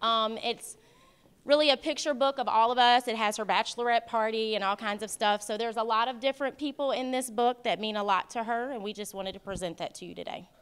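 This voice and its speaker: A woman's voice: on the high side, a little fast, fairly bright tone, clear, resonant tone. A woman giving a heartfelt, earnest wedding toast as the bride's best friend, speaking at a wedding reception. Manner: heartfelt, earnest, faith-filled speech.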